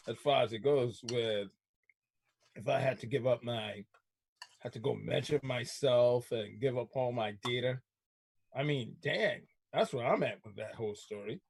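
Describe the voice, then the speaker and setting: A man's voice: mid-range voice, vocal fry, breathy edge. A man co-hosting a casual group talk show, speaking emphatically and repeating himself for stress.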